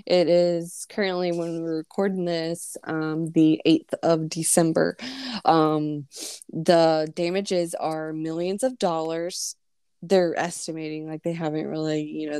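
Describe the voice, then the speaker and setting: A woman's voice: low voice, darkish tone, clear, resonant tone, no room sound, clean studio sound. A woman co-hosting a podcast, casually summarizing a news story with lots of fillers. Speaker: podcast co-host.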